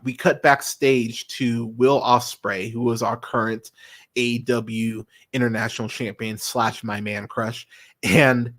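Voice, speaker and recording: Podcast host, young adult man, casual and profane, hesitant fillers but eager, mid-pitched voice. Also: level tone, unhurried, fairly bright tone. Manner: enthusiastic, profane, lots of ums and restarts. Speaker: podcast host reviewing wrestling. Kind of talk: casual solo review.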